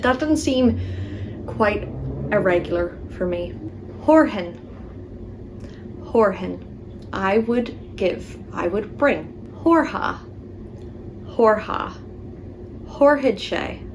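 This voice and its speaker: A woman teaching Irish verbs with an Ulster Irish accent, repeating each form slowly and adding playful asides. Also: medium pitch, background noise. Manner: slow, careful drilling of words with playful asides. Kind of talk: casual spoken lesson.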